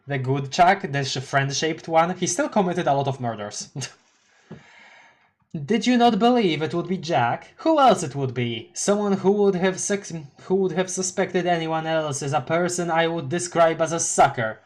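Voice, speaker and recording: A streamer reading a webcomic live and talking through the reactions. The talk is casual and chatty, with frequent laughter and quick asides. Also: medium pitch, expressive. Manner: chatty and giggly, reacting aloud.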